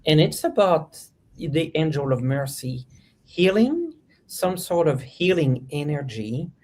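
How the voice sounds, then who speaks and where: A man's voice: on the high side, very animated, slow, darkish tone, slight background noise. A man giving a tarot reading on a live stream, talking in a reflective way and searching for his words. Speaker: tarot reader.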